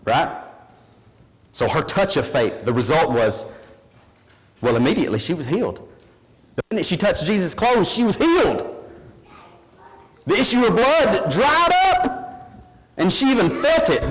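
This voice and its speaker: A man preaching a sermon in a church, telling a story in an animated, emphatic way. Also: a little high, in a large hall, low-quality recording.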